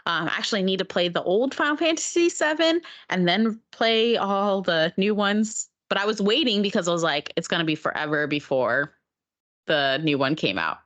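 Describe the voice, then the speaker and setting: A woman's voice: medium pitch, animated, moderate pace, fairly bright tone. A woman from Oregon, a streamer and dancer, chatting as a podcast guest and laughing often. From Oregon, USA. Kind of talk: casual podcast chat.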